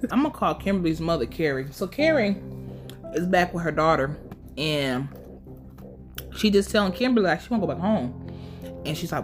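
A woman with a fairly low voice recaps a show episode in a casual, profane way. She laughs often and acts out the characters' lines with big jumps in her voice. Faint music plays underneath. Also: animated, moderate pace, pauses often.

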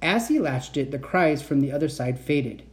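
A man's voice: a little high, expressive, normal speed. A man reading a children's book aloud, narrating the story expressively and acting out the dialogue. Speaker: reader of children's books.

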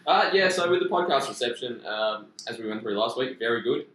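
A man with an Australian accent, a podcast co-host chatting in a quick, cheerful way. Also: medium pitch, expressive, a bit bright, recorded from a distance. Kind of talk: casual banter. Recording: echoey room, off-mic, faint noise.

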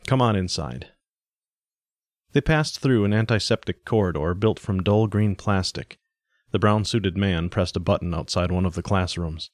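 A man narrates a story in a steady, even audiobook style. His voice is very low, and the close recording sounds dry with no room echo.

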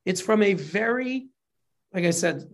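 Profane, animated casual storyteller. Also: mid-range voice, unhurried. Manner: gets emotional while telling it. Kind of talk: casual chat.

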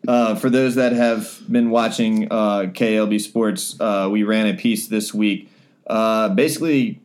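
A man's voice: lowish voice, fairly even intonation, a little slow, a little mellow. A young man co-hosting a casual sports podcast, rambling with many fillers and restarts. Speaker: sports reporter and podcast co-host.

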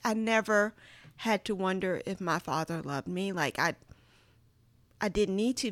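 A woman's voice: mid-range voice, no echo. Earnest woman telling a heartfelt story. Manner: earnest, many "like" fillers. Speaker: guest sharing a personal story. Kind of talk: casual chat, heartfelt storytelling.

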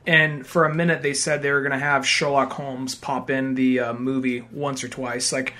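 A man's voice: medium pitch, flat delivery, moderate pace, pushed and bright. Rambling male podcast co-host. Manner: rambling, trailing off. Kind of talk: casual chat.

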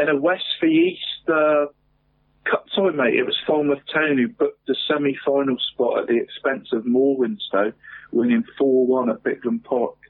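Chatty male football presenter, husky voice, heavy on "mate", phone-quality radio audio. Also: medium pitch, no echo. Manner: says "mate" constantly, chatty and rambling. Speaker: local football results presenter. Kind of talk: casual radio football chat.

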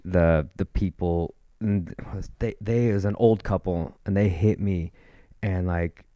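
Deep-voiced man telling a rambling story. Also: steady tone, unhurried, mellow, no echo, studio quality. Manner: rambling, profane, full of fillers and restarts. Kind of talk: casual chat.

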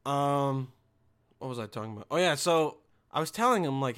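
A man's voice: medium pitch, animated, moderate pace, a bit bright, clear, resonant tone. A young man who works a motel front desk, telling a rambling, sarcastic work story full of swearing. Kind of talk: casual profane storytelling rant.

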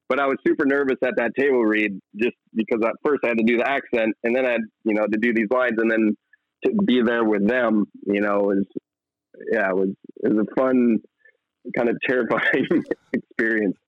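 A man's voice: medium pitch, steady tone, fairly quick, no echo, phone-quality sound. A young man, an actor, talking casually in an interview, rambling and laughing often. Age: young adult. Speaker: actor guest.

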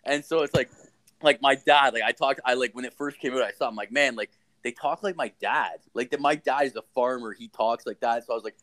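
A man's voice: medium pitch, steady tone, fast, fairly bright tone. Swearing, rambling young man from rural Ontario. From rural Ontario, Canada. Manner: rambling, heavy swearing, laid-back storytelling. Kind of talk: casual chat.

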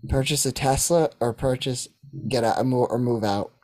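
A young man in casual podcast chat, rambling and excitable, swearing freely. He jumps between half-finished thoughts and bursts into loud chanting when something pleases him. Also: medium pitch, moderate pace. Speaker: podcast co-host.

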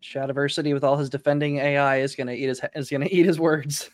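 A man's voice: fairly high pitch, level tone, quick pace, dry recording. A man co-hosting a casual podcast, talking in a rambling, hesitant way. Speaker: podcast host. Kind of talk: casual chat.

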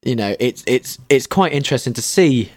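A man hosting a podcast, animated and playful in casual chat. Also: medium pitch, normal speed, no room sound, clean studio sound. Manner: animated and playful, breaking into shouts. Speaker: podcast host.

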